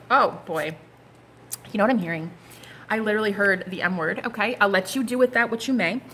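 A woman's voice: mid-range voice, a little fast, fairly bright tone, slight background noise. A woman giving a casual, gushing tarot reading, full of slang and asides. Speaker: tarot card reader.

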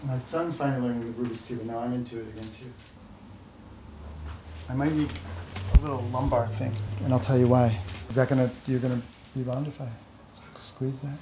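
A man's voice: mid-range voice, steady tone, fairly quick, long pauses, noisy background. A middle-aged man, a film director, chatting wryly as a podcast guest in a living room. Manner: wry, joking. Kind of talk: casual chat.

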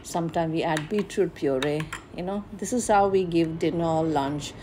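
A woman's voice: low-pitched, background noise. A woman, a mother explaining her baby's meals in a casual home vlog, with many fillers and restarts. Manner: unhurried, plain, with frequent "uh" fillers and restarts. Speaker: mother and home cooking vlogger.

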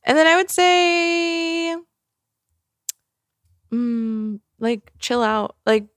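A woman co-hosting a podcast in casual chat, chatty and quick to laugh. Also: sits high, no echo, clean studio sound. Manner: laughs often, chatty and animated. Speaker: podcast co-host.

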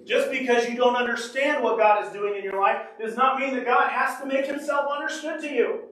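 A man preaches with a notably high voice, reading scripture aloud and repeating key lines for emphasis. The mic sits well back from him, so his voice rings through a very reverberant church room. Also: moderate pace, pushed and bright. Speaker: pastor. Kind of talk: sermon. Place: church sanctuary. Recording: echoey room, mic far off.

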